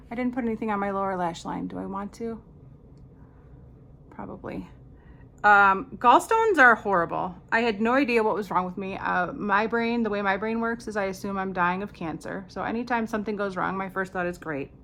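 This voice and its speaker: A woman's voice: medium pitch, fairly bright tone, slight background noise. A woman in her fifties chatting casually while doing her makeup, rambling through stories with dry, sarcastic asides. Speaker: makeup vlogger. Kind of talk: casual get-ready-with-me chat.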